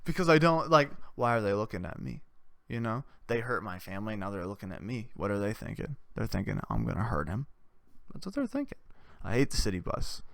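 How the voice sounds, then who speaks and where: A man's voice: lowish voice, sing-song, fairly quick, vocal fry, a bit bright, dry recording, clean studio sound. A man hosting a comedy podcast, delivering a rambling, profane, worked-up rant. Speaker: podcast host.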